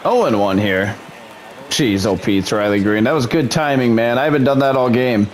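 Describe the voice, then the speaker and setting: A man's voice: mid-range voice, moderate pace. A man doing mock broadcaster play-by-play over his own video game, slipping into muttered frustration between calls. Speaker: gaming YouTuber. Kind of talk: play-by-play commentary while gaming.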